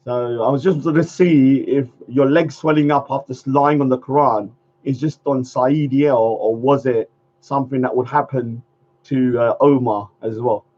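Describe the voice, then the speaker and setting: A man's voice: medium pitch, fairly even intonation, normal speed, darkish tone. A man hosting a casual livestream chat, rambling, laughing often and trailing off mid-sentence. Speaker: livestream host. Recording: dull lo-fi stream audio.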